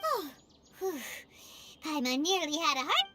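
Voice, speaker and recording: A woman voicing a tiny, excitable fairy companion girl in a video game who speaks of herself in the third person, bratty and squeaky. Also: a little slow, noisy background. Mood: relieved. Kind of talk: video game cutscene voice acting. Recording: game audio with music underneath. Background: game background music.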